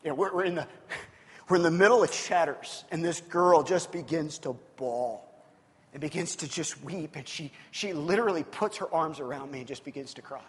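A man's voice: on the high side, normal speed. A man preaching a sermon, telling a personal story in a conversational way with frequent restarts. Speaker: pastor. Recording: long hall reverb with soft guitar music.

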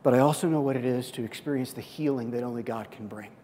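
A man preaching a sermon, telling a personal story and slipping into excited, quoted voices. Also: mid-range voice, fast talker, in a large hall, a little hiss or hum. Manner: storytelling with lively swings into excited quoted speech. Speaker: pastor.

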